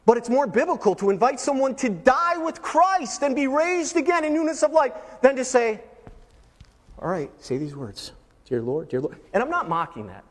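A man preaching a sermon as pastor, emphatic, swinging from booming lines to hushed ones. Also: big-room sound.

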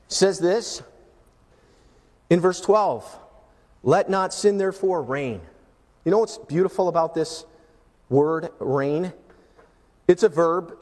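A man preaching a sermon as pastor, emphatic, swinging from booming lines to hushed ones. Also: in a large hall.

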